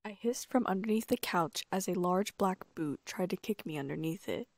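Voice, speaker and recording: A woman narrating a first-person audiobook in a calm, even storytelling manner. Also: fairly low pitch, normal speed, no room sound.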